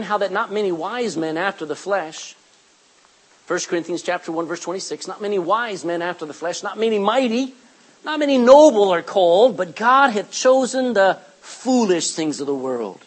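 Husky middle-aged guy preaching, voice swings up and down a lot, acts out little asides. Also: high-pitched, normal speed, rough recording. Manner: animated, quoting scripture and acting out asides. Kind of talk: sermon.

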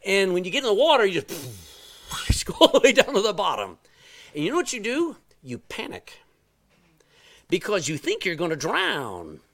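A middle-aged man delivering a sermon in an animated storytelling way. His fairly high voice rises and falls widely, jumping from loud outbursts to hushed asides. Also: normal speed. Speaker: pastor.

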